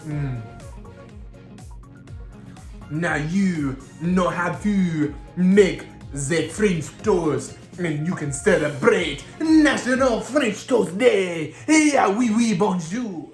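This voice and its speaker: A man's voice: high voice, expressive, slow, few pauses, reverberant, faint music behind. A man hosting a children's cooking demonstration, talking playfully and tossing in mock-French exclamations. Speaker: children's show host.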